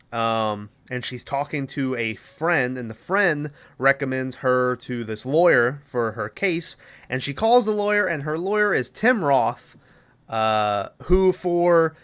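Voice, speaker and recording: A man's voice: mid-range voice, fairly bright tone, clean tone. A man hosting a podcast, casually and profanely rambling through a movie plot with lots of fillers. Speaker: podcast host.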